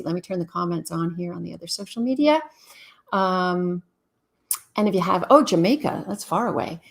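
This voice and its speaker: A woman from Canada hosting a live-stream Q&A on relationships, greeting viewers in a casual, chatty way and giving frank, brisk advice. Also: mid-range voice.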